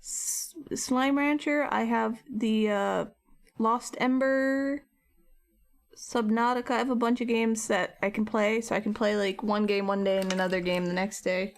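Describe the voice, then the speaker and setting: A chatty young woman with a slightly high voice talks casually to her stream chat while she paints. She greets viewers by name and giggles often, speaking into a desk mic at home. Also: steady tone, normal speed.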